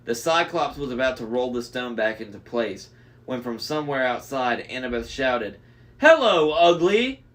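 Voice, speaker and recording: In a laid-back read-aloud, a male reader works through a novel in a mid-range, medium-pitched voice. He breaks off for offhand remarks and backs up to reread lines whenever he stumbles.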